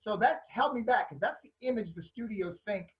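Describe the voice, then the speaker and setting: A man's voice: sits high, animated, a little fast, lo-fi sound. A man with a Southern accent, speaking animatedly as a panelist on a video call. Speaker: panelist, martial arts actor. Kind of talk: casual panel talk.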